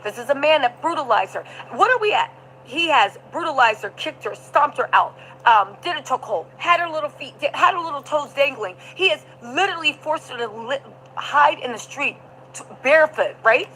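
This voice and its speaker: A woman livestreaming a trial recap, emphatic and animated, talking to her chat. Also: sits high, moderate pace, a little hiss or hum, low-quality recording. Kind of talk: livestream commentary.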